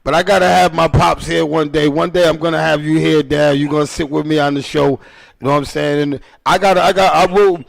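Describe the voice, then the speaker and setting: Rambling, high gravelly man. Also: steady tone, fairly quick. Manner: rambling, emphatic, profane. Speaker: podcast host. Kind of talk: casual chat.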